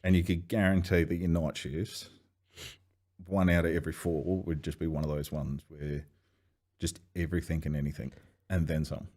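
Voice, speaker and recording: A man, telling swearing, animated anecdotes as a podcast guest. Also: rumbling low, normal speed. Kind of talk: casual storytelling chat.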